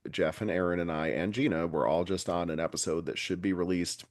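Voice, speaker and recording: A man's voice: deep voice, fairly even intonation, brisk, no room sound. A man hosting a podcast in casual banter, with dry self-mocking jokes. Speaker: podcast host.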